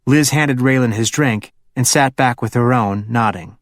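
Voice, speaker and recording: A man narrating a crime audiobook in an even, measured way, dropping low and quiet for the terse lawman's lines. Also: dry recording, clean studio sound.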